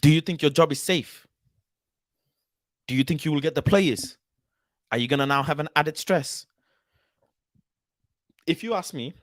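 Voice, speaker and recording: Animated man firing rhetorical questions. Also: medium pitch, dry recording, studio quality. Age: 20s. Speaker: football channel host. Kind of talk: casual video commentary.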